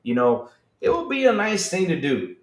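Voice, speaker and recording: A man hosts a casual live-stream podcast, talking in a loose, rambling way and reading messages from the chat as they come in. His voice sits a little high. The sound is roomy and echoey. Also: sing-song, normal speed. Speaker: podcast host.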